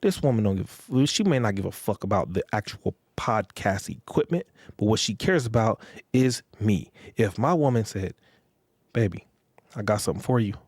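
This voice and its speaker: A male podcast host delivers relationship advice as a blunt, profane lecture, repeating phrases for emphasis. His lowish voice has a darkish tone and lively intonation at a moderate pace. The studio-quality recording is dry.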